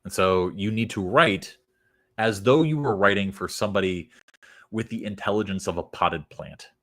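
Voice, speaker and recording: Blunt man reviewing copy, deep low voice, sarcastic asides. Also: normal speed, fairly bright tone. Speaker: copywriting critic. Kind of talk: casual critique of web copy.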